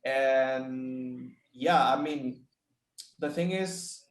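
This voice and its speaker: A man from Mexico, a teacher chatting as a guest, halting and repeating words as he tells stories. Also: medium pitch. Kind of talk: casual chat. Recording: roomy echo.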